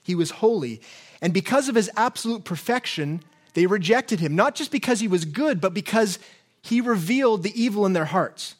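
High-voiced man preaching a sermon. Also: moderate pace. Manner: animated storytelling with put-on voices. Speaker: pastor.

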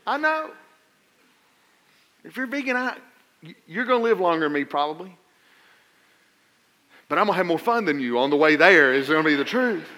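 A middle-aged man preaching a sermon, telling funny stories and swinging between loud emphasis and quiet asides. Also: a little high, big pitch swings, normal speed, pauses often. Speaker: pastor.

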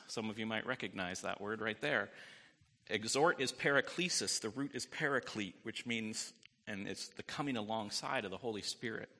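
A man's voice: mid-range voice, sharp tone, big-room sound. A man preaching a sermon as pastor, in a conversational way, often asking "right?" and adding light jokes.

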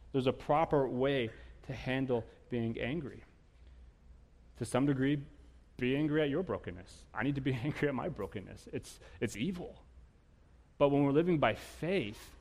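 A married man preaching to his congregation, asking them questions and getting loud and animated when he tells stories. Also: medium pitch, long reverb tail. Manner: animated storytelling, rising loud when telling anecdotes; addresses congregation directly with questions. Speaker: pastor. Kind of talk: sermon.

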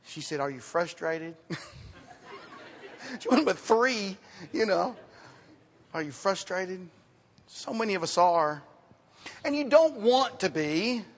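A man preaching a sermon as pastor, in a conversational style, repeating words and dropping to quiet asides. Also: high-pitched, expressive, slow, pauses often. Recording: reverberant hall, sometimes off mic.

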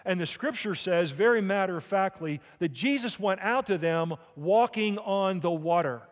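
A man's voice: high-pitched, moderate pace, long reverb tail. A man preaching a sermon in church, asking the congregation rhetorical questions. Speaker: pastor.

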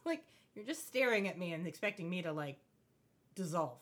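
A woman co-hosting a podcast, recapping a show in an animated, expressive way with frequent laughs. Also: on the low side, moderate pace. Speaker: podcast co-host. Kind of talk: casual chat recapping a TV show.

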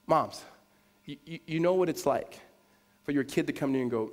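A man preaching a sermon, telling a story that drops to a hush and rises to loud, high-pitched emphasis. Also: brisk. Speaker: pastor. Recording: long hall reverb.

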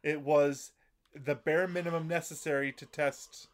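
Halting man retelling a plot. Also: fairly high pitch, steady tone. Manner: halting, repeats words while explaining plot. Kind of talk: casual chat recapping an anime episode.

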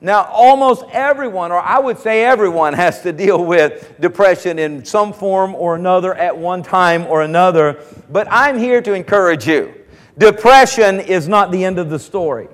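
A man preaching a sermon as pastor, slowing down and rising in force when quoting scripture. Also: high voice, expressive. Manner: preaching, slows and rises on scripture quotes. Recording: long reverb of a large hall.

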